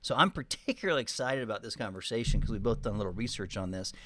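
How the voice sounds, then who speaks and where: A man from Texas with a light Texan accent, co-hosting a casual podcast with relaxed, rambling storytelling. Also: on the low side, fast talker, a little hiss or hum. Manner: easygoing, storytelling, rambling asides. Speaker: podcast co-host.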